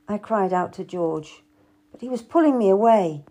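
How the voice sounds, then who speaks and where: A woman's voice: mid-range voice, lively intonation, normal speed, warm tone. A woman narrating a historical novel in the first person, reading expressively. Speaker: audiobook narrator.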